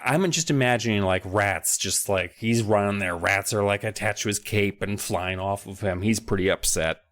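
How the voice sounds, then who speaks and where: A man on a podcast, reading a horror book aloud with drama and then recapping it with jokes and loud shouted character lines. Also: on the low side, normal speed. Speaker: podcast co-host.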